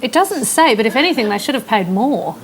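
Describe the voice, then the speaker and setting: A woman on a comedy panel show reading a story in a deadpan, mock newsreader style. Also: a little high, a little fast, very noisy. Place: television studio. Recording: studio audience laughter.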